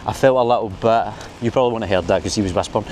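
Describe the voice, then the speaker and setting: A Glaswegian man talks to his camera while out on a night walk, rambling and laughing at his own jokes. His voice sits a little low. Faint city noise carries behind him. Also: racing, a little mellow. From Scotland. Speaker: vlogger. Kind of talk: casual walking vlog. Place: city streets at night in the rain.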